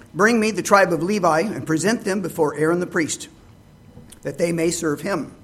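Husky-voiced man preaching a sermon. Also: on the high side. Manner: earnest, asks rhetorical questions, reads scripture aloud.

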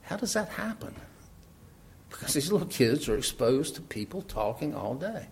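A middle-aged man preaching in a relaxed, conversational way, laughing often and asking rhetorical questions. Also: fairly high pitch, moderate pace, vocal fry, husky. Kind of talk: sermon.

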